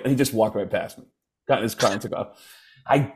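A man, a comedian, telling stories casually and animatedly, dropping into quick impressions of other people. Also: medium pitch, animated, darkish tone. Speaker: comedian guest. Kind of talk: casual storytelling.

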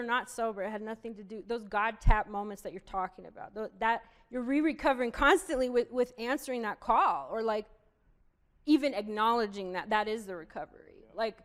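A woman in a casual chat, openly telling her own recovery moments with small laughs at herself. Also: medium pitch. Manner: candid, self-deprecating, thinks aloud.

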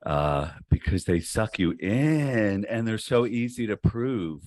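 A man co-hosting a casual chat, laid-back and quick to agree. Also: fairly low pitch, animated, a little mellow.

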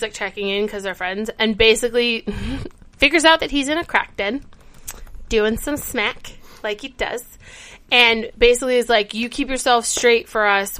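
A woman co-hosting a casual chat, retelling a TV episode with lively storytelling and acted-out quotes. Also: on the high side. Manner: animated storytelling, acts out character quotes. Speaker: podcast co-host.

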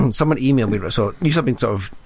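A man's voice: mid-range voice, lively intonation, racing, creaky, breathy edge. A young man co-hosting a film podcast, swearing a lot and stumbling over his words with enthusiasm. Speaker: podcast co-host. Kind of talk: casual film podcast chat.

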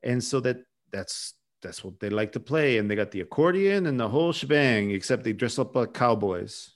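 Podcast host, male, mid-pitched, casual and rambling, restarts often. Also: animated, normal speed. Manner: rambling, chatty storyteller with many restarts. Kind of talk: casual chat.

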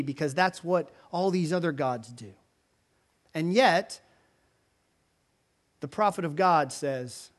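A man with a fairly high voice delivers a sermon in a loose, conversational way. He tells the story with animated energy and plenty of casual filler words. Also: slow pace, pauses often. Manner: animated storytelling, voicing characters in quotes. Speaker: pastor.

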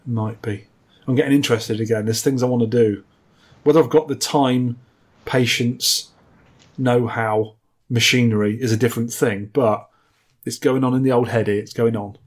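A man's voice: medium pitch, fairly even intonation, moderate pace. A man co-hosting a podcast, chatting casually with dry, teasing humour. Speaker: podcast co-host. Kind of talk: casual chat.

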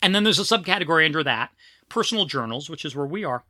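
A middle-aged woman co-hosts a casual podcast, her voice bright and forceful. She rambles, restarts her sentences and slips into giggles, recorded close up in a dry, dead room. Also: sits low, expressive, quick pace, no room sound. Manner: rambling, giggly, self-interrupting. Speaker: podcast co-host.

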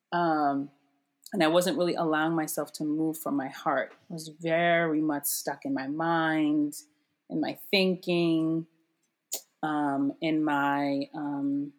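A middle-aged woman telling her story in a casual interview, animated and laughing often as she acts out what others said. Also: low voice. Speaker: interview guest.

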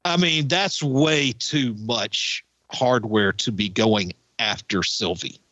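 A man's voice: mid-range voice, slow pace, no echo, dull audio. A man co-hosting a podcast, talking emphatically and casually. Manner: emphatic, animated storytelling. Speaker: podcast co-host. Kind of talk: casual chat.

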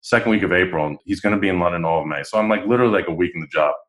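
A man's voice: low-pitched, rapid-fire. A man, a podcast guest, telling stories in a casual interview and acting out the lines of people he quotes. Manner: animated, acts out quoted dialogue. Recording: roomy echo.

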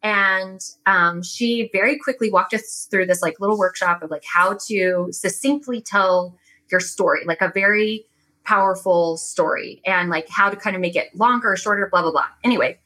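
A woman talking as a podcast guest in casual chat, telling stories in an animated way with many fillers. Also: medium pitch, moderate pace, poor audio.

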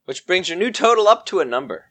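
A man's voice: high-pitched, sing-song, fast, fairly bright tone. A man acting as game master, tired and joking as he narrates the game casually.

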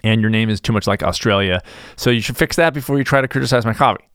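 A man's voice: fairly low pitch, quick pace, fairly bright tone, clean tone, dry recording, clean studio sound. A middle-aged man hosting his own podcast, talking in a rambling, jokey way with mock-defensive asides. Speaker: podcast host. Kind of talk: casual solo podcast monologue.

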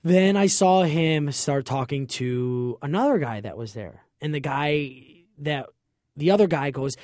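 Chatty guy, kinda high voice, dry close sound, jokey storytelling. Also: expressive, a little slow, darkish tone, dry recording. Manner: chatty, joking, self-censoring slang. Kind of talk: casual storytelling chat.

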